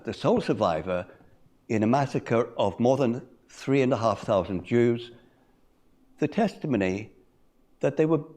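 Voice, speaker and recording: An older man speaks in a measured, reflective way, pausing often as he recounts a personal story to a conference audience. His pitch rises and falls a lot, and his voice sits in a middle register. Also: mellow. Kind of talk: personal story told in a talk.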